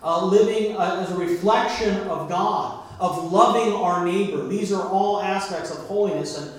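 Male pastor, higher voice, preaching and quizzing the congregation; distant mic in a booming hall. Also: normal speed. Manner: preaching with call-and-response questions to the congregation. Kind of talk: sermon. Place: church sanctuary. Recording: very echoey church from far off.

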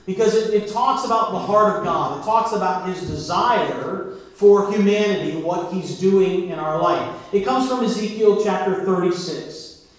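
High-voiced pastor preaching in echoey church. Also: male voice, normal speed, distant mic. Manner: preaching with call-and-response questions to the congregation. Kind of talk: sermon. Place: church sanctuary.

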